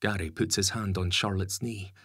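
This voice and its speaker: A man narrating an audiobook story in a measured, even storytelling manner. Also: low voice, slightly rough, dry recording, clean studio sound. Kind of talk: scripted narration.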